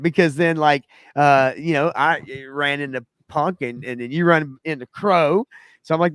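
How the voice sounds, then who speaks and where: A man's voice: medium pitch, steady tone, a little slow, a bit bright, smooth, no room sound, studio quality. A man with a Southern US accent co-hosting a podcast, chatting casually, laughing often and rambling through his stories. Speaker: podcast co-host. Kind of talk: casual storytelling chat.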